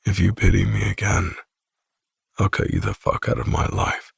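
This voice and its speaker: Man doing a brooding possessive guy, very deep, gravelly, raspy, clipped, romance audiobook. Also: steady tone, moderate pace, dry recording, clean studio sound, heavily acted. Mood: cold, curt. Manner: curt, clipped threats. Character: brooding, possessive young man, cold and guarded.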